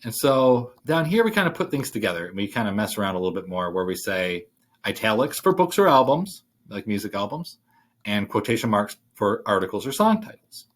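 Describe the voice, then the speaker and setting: Man, low voice, writing teacher, casual worksheet walkthrough, thinking aloud, keyboard clicks. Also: sing-song, fairly quick. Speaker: writing instructor. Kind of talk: screen-share worksheet walkthrough.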